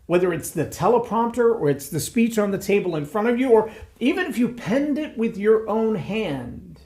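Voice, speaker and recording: Measured man giving a reflective talk. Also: high-pitched, expressive, darkish tone. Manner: reflective, measured, with repeated phrases for emphasis. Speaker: speaking coach. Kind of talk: solo talk to camera.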